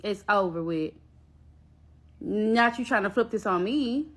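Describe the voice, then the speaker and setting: Woman telling her story, swears a lot, mid pitch, acts out everybody. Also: measured pace. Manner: blunt, profane, animated retelling with quoted voices. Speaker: storyteller recounting a personal ordeal. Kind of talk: casual storytime vlog.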